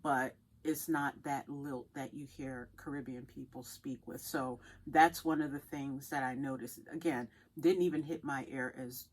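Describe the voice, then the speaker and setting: Woman, very low voice, podcast co-host, thoughtful, casual chat. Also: fairly even intonation, unhurried, few pauses, husky.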